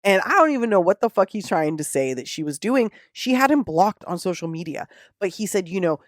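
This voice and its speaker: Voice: mid-range voice, brisk, no echo. Dry-sounding, indignant true crime podcaster. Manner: indignant, profane, animated retelling. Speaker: podcast host. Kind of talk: casual true crime storytelling.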